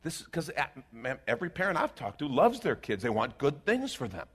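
Animated preacher man, wide-swinging voice. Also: mid-range voice, fairly quick, husky. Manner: animated and rhetorical, with sarcastic asides. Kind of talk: sermon.

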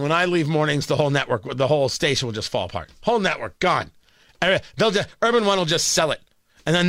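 High, lively sarcastic radio host with a New York accent. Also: male voice, dry recording, studio quality. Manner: sarcastic, combative, rambling with repeated words. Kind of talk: talk radio monologue.

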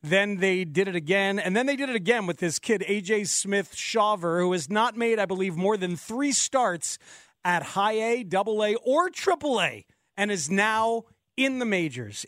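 A male host asking a guest about baseball in a chatty, quick way, sometimes tripping over words. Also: sits high, lively intonation, a bit bright, dry recording, studio quality. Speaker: radio or podcast host. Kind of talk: interview questions.

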